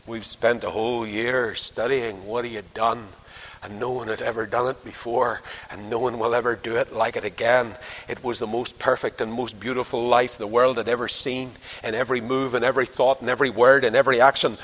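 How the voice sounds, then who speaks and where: A man's voice: medium pitch, steady tone, a little fast, fairly bright tone, in a large hall. A man preaching a sermon, dramatically acting out dialogue with rising and falling intensity.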